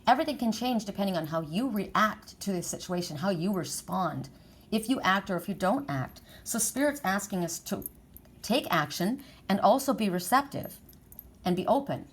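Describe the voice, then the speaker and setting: A woman's voice: medium pitch, animated, normal speed, husky. A middle-aged woman giving a spiritual oracle card reading, talking in an emphatic, repetitive, encouraging way.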